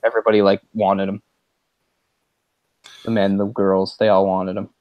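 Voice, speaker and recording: A man's voice: low-pitched, no room sound, highs cut off. Rambling man in casual movie chat. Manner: rambling, animated when retelling scenes, quick laughs. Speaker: podcast co-host.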